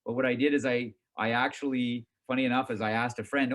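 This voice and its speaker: Animated middle-aged man telling stories. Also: mid-range voice, fast, few pauses. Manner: animated, self-mocking, acts out his past reactions. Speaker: company chairman and CEO. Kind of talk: casual storytelling in an interview.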